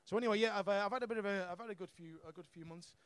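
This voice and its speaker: A man's voice: high-pitched, rapid-fire, smooth. A young man doing a stand-up set on a comedy club stage, brash and sweary, laughing at his own jokes.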